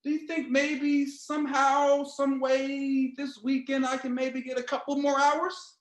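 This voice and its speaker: A man doing a meek, groveling worker who pleads with his boss in a high, drawn-out voice, hesitating before every request. The sound is echoey, as if from a bare room. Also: little pitch movement. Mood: begging. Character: timid male worker begging his boss.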